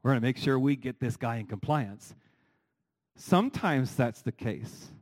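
Animated male pastor preaching. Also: mid-range voice, measured pace, low-quality recording. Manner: animated preaching with rhetorical questions. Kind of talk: sermon.

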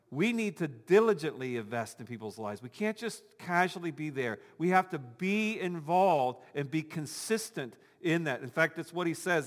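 A man's voice: on the high side, long reverb tail. A male pastor giving a conversational sermon with touches of humor, acting out imagined voices of the congregation.

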